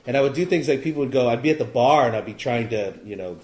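A man's voice: mid-range voice, animated, fast, a little mellow, a little hiss or hum. Rambling middle-aged man in an echoey room. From California. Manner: rambling, self-deprecating, wry humor. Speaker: recovery meeting speaker. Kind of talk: personal testimony talk.

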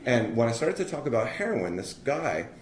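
A man's voice: mid-range voice, big pitch swings, moderate pace. A middle-aged man telling a personal recovery story in a blunt, profane, self-mocking way. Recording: echoey room with background noise.

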